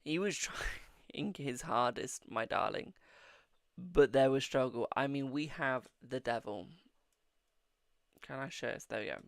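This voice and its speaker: A British man reading tarot cards for a live stream, unable to stop giggling as he talks. His delivery is slow and drawn out, and the sound is close and dry with no room behind it. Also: medium pitch, creaky, fairly bright tone, dry recording. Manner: giggling helplessly, breaking into laughter mid-sentence. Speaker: tarot reader.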